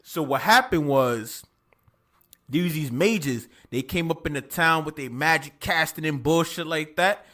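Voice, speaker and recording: A man hosting a casual podcast, animated and profane, steering the talk. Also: fairly high pitch, measured pace. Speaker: podcast host.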